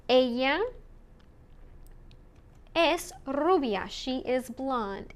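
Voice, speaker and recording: Woman, teacher, high voice, smooth clear tone, deliberate lesson pacing. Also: expressive. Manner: slow and deliberate, models words for repetition. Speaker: Spanish teacher. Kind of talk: recorded language lesson.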